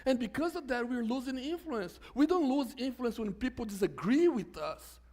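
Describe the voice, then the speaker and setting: High gravelly-voiced male pastor preaching. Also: lively intonation, normal speed, darkish tone. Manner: conversational, joking asides with restarts. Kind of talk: sermon.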